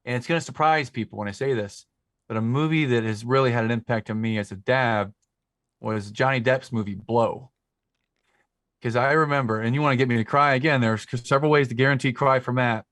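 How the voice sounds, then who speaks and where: A man's voice: mid-range voice, fairly quick, a bit bright, no room sound, studio quality. A man in his forties, a podcast guest talking casually into a podcast microphone, rambling and emotional as he tells stories. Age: 40s. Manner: talkative, emotional, rambling storyteller. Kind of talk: casual conversation.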